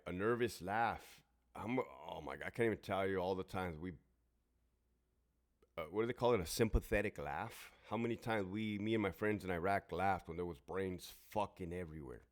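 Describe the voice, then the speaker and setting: A man's voice: deep voice, moderate pace. A man in his forties, a former prison guard and veteran, telling his story in a blunt, heavily profane, emphatic way. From Southern California. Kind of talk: casual storytelling monologue.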